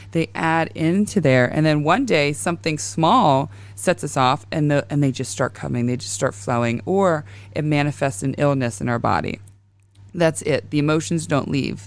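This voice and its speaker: A woman's voice: low-pitched, vocal fry, darkish tone, dry recording. A woman in her thirties hosting a casual astrology podcast, rambling and confessional as she tells stories. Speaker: podcast host.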